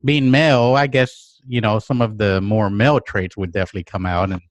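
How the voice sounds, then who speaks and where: Low-voiced man musing on a podcast. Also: fairly even intonation, brisk, dry recording. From United States. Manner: musing, thinks aloud with restarts and acted-out inner quotes. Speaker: podcast host. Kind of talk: casual reflective chat.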